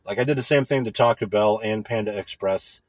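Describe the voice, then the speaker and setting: A man's voice: on the low side, a little fast, no echo. A man in a casual, profane, indignant rant. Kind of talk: casual ranting monologue.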